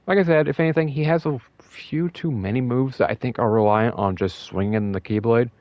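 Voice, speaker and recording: A young man talking in a casual, rambling way about a fighting game, emotional and excited, with many fillers and restarts. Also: medium pitch, fairly quick, no room sound, lo-fi sound. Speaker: gaming video host.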